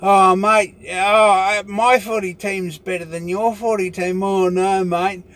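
An Australian man sending up a crowd of brash footy blokes, raising his voice higher and brasher as they swap boasts about their teams. The banter is blunt and peppered with "mate". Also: flat delivery, slow pace, a bit bright. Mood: boisterous. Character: loud blokey male footy fans bantering.

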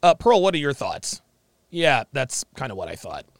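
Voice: medium pitch, sing-song, normal speed, creaky. A host reacting with sarcastic, teasing commentary.

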